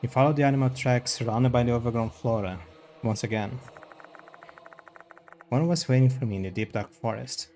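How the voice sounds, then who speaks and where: A man's voice: medium pitch, warm tone, slight background noise. Man reading game text aloud, plain voice. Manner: reads dialogue and narration plainly, breaking off for quick reactions. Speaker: streamer playing a horror visual novel.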